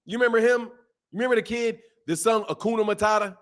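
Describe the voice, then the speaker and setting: A man giving a casual boxing commentary rant, animated and full of repeated rhetorical questions. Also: sits high, fast talker.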